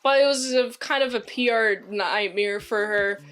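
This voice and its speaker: A woman's voice: mid-range voice, moderate pace, a bit bright. A young woman giving a casual, enthusiastic spoken review of a TV episode, rambling with lots of fillers and restarts. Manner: rambling, filler-heavy recap with frequent restarts; enthusiastic, talks back to the characters. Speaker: series reviewer.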